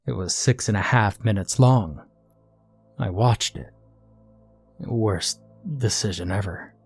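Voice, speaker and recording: A man tells a horror story in a low, hushed voice, leaning on dramatic pauses. The sound is close and dry, and faint music plays softly behind him. His pitch sits on the lower side. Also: no echo. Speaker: narrator. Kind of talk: scripted horror narration.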